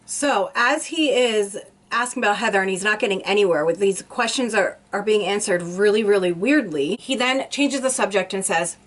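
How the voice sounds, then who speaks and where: A woman's voice: mid-range voice, normal speed. A woman YouTuber casually retelling a true crime story, rambling with restarts and lots of "like".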